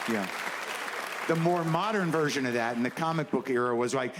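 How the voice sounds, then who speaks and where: A man's voice: mid-range voice, moderate pace, a loud crowd. A man doing a stand-up set, rambling and self-doubting, bluntly honest in his asides. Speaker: stand-up comedian. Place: comedy stage with a laughing audience. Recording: live room noise.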